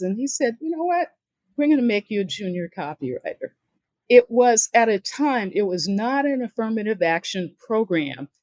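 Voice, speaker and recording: An older woman appears as a guest on a podcast, telling stories from her career and acting out the voices of people she quotes. She's a guest speaker and author whose fairly low, darkish voice is recorded dry.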